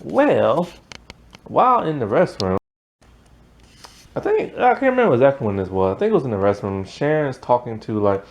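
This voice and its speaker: A man's voice: medium pitch, sing-song, normal speed, pauses often, lo-fi sound. A man giving a casual, rambling recap of a TV episode, peppered with "like" and laughing at the plot. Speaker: TV show reviewer.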